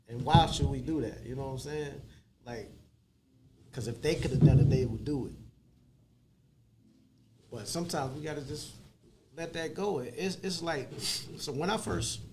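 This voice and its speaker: A man's voice: mid-range voice, a little slow, pauses often, darkish tone, a little hiss or hum. A man as a podcast guest, talking casually and encouragingly, often answering with short agreement. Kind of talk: casual conversation.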